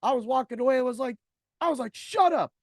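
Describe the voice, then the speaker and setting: A man's voice: very high voice, steady tone, rapid-fire, a little mellow, no echo, clean studio sound. A man in his forties hosting a podcast, telling a personal story in a blunt, profane way and acting out other people's lines. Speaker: podcast host.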